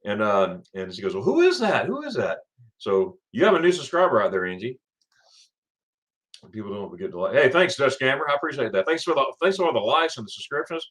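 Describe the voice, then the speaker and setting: A middle-aged man from Florida chats through a casual morning livestream, repeating words as he goes and greeting viewers one by one. His pitch rises and falls in a lively way, and he sounds friendly and loose. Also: quick pace. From Florida, USA. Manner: rambling, repeats words, greets chatters warmly by name. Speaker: livestream host.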